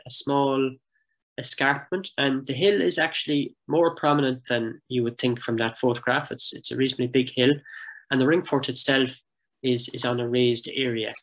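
A man giving an explanatory heritage talk over slides and maps, in a thoughtful, measured way with frequent hesitations. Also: medium pitch, fairly bright tone, rough recording.

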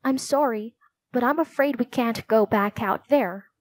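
A woman's voice: on the high side, a little slow, a little mellow, close to an everyday voice. A woman doing a sensible young boy. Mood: calm. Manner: level-headed and careful.

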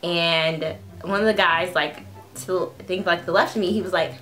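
A woman's voice: on the low side, a little fast, faint music behind. Chatty young woman telling a story. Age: 20s. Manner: chatty, animated, laughs while telling. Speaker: food vlogger telling a story. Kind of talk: casual storytime vlog.

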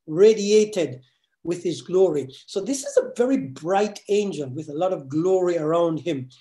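A man preaching a verse-by-verse sermon as pastor, often repeating words and asking "right?", slowing down to stress key phrases. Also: sits high, lively intonation, mellow. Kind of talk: sermon teaching on scripture.

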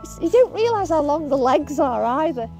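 Gravelly woman chatting about owls. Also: high-pitched, sing-song, moderate pace, darkish tone, soft background music. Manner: chatty, affectionate with the birds. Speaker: bird of prey handler. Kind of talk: casual video update. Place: outdoors at a bird of prey centre.

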